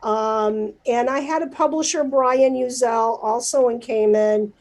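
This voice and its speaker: A woman's voice: fairly high pitch, steady tone, measured pace, a little mellow, poor audio. A middle-aged woman, a newspaper publisher, talking in a livestreamed interview with many fillers and emotion. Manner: chatty, emotional, lots of fillers.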